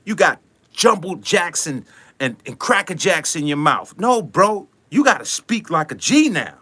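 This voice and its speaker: Animated man giving a preachy rant. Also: on the high side, unhurried, slight background noise. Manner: animated, preachy, acts out little scenes. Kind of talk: motivational rant.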